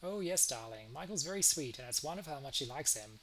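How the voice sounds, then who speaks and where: A man's voice: medium pitch, expressive, quick pace, fairly bright tone, slight background noise, rough recording. A man reading the lines of an affectionate elderly cat in a game, calling his partner darling. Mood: fond. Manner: fond, reads dialogue aloud. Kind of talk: reading game dialogue aloud.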